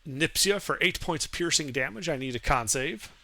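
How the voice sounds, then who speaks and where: Bright-voiced man running the dungeon. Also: on the high side, lively intonation, moderate pace, vocal fry. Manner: calls out rolls and damage, laughs easily. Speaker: dungeon master. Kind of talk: running a tabletop game on a live stream.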